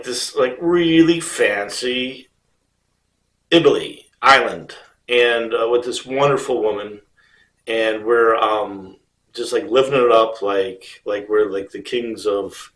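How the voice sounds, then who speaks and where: A man's voice: lowish voice, unhurried, fairly bright tone, recorded from a distance. A man from Ohio telling a rambling, easygoing personal story with lots of fillers and restarts. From Ohio, United States. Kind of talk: casual spoken personal story. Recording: roomy sound, speaker off mic.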